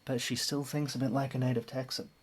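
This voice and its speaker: A man's voice: mid-range voice, little pitch movement, fast talker, breathy edge. An Australian man chatting casually as host of a livestream, musing about accents. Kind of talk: casual stream chat.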